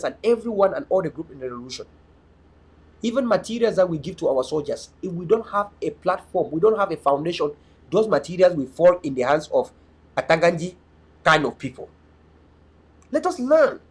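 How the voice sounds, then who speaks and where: High-pitched with a breathy edge, this is a young man from Bui in Cameroon's North West. Speaking as an activist and online media host, he delivers a fervent, emphatic political monologue and restarts repeatedly.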